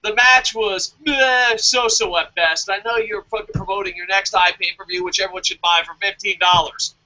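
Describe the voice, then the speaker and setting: A man co-hosting a wrestling review show, swearing constantly and working himself up into shouted rants. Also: sits high, fairly even intonation, normal speed, dull audio. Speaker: wrestling podcast co-host. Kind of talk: profane ranting review.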